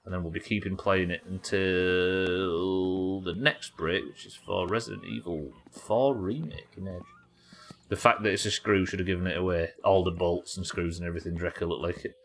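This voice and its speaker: A man's voice: low-pitched, steady tone, moderate pace. A man hosting a live gaming stream, chatting casually and swearing freely as he jokes with his chat. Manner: chatty and profane, joking with chat. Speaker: gaming livestream host.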